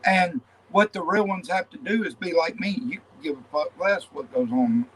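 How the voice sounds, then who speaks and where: A man's voice: sits high, normal speed, fairly bright tone, a little hiss or hum, low-quality recording. A man hosting a casual panel chat about his beliefs, blunt and rambling, repeating himself as he talks. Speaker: channel host.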